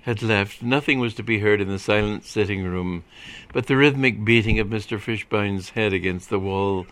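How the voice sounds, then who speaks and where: A man reading a comic story aloud in a dry, measured way. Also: lowish voice, fairly bright tone. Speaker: reader.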